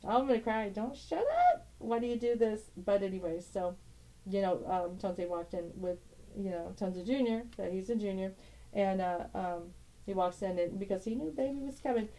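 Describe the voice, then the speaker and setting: Middle-aged woman vlogger, warm mellow tone, rambling, tender, quick to laugh. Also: medium pitch, rough recording. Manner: rambling, tender, laughs often, broken-off sentences. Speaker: tarot channel host. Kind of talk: casual emotional vlog, showing family photos.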